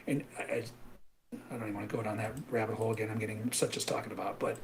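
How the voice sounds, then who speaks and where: A man's voice: lowish voice, little pitch movement, racing, slight background noise. A middle-aged man hosting a live trading webinar, ranting emphatically and often tagging "right?" onto his points. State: out of breath. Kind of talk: animated live webinar rant.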